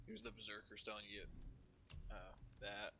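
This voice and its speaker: A man's voice: fairly low pitch, level tone, normal speed, noisy background. A man commentating a gameplay playthrough, rambling enthusiastically about the story. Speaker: gameplay streamer. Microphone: streaming microphone.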